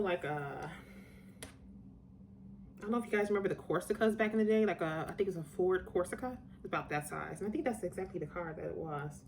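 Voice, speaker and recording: A middle-aged woman telling a personal story to her viewers, chatty and digressive, getting animated when she recalls moments. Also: mid-range voice, a little hiss or hum. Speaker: vlogger telling personal stories. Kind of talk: casual storytelling to camera.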